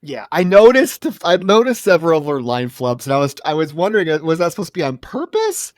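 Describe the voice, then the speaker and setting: A man co-hosting a podcast, recounting a film in a casual, wry, expressive way. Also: a little high, quick pace, no room sound, clean studio sound. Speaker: podcast co-host. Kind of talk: casual film review chat.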